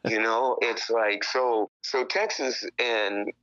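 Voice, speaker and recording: A man's voice: mid-range voice, steady tone, slow, pushed and bright, no echo, dull audio. An older man from Chicago, a rock musician, talking frankly and bluntly in an interview, with casual swearing. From Chicago, USA. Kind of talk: candid interview talk.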